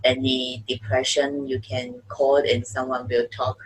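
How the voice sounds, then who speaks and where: A woman who is a PhD student, speaking English as a with a first tongue in a casual podcast chat, halting and laughing often. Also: a bass voice, flat delivery, breathy edge, rough recording.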